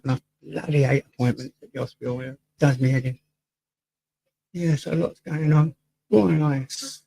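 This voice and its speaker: Streaming casually from home, this Englishman reads out the chat, says hello to viewers by name and now and then wanders away from his desk microphone. He speaks at medium pitch with a mellow, fry-laden tone over poor audio.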